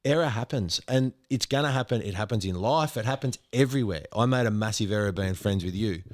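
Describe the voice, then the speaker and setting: A man with an Australian accent, a podcast co-host, sounding hoarse from illness and joking dryly as he talks about the sport. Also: lowish voice, brisk. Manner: dry, joking. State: hoarse, unwell. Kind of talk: casual sports chat.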